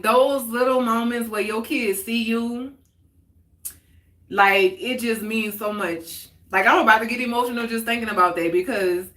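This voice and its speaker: A woman's voice: fairly high pitch, fairly bright tone. A woman in her forties hosting a casual heart-to-heart talk stream, chatty and candid, answering viewers' comments aloud and laughing often. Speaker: host of a live talk stream. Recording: roomy echoey sound.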